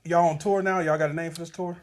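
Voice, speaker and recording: A man co-hosting a podcast in a studio, joking and bantering with quick casual talk. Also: fairly high pitch, flat delivery. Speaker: podcast co-host.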